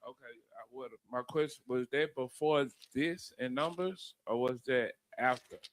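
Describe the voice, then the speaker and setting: Man, study group member, hesitant questions, smooth resonant voice. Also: medium pitch, normal speed.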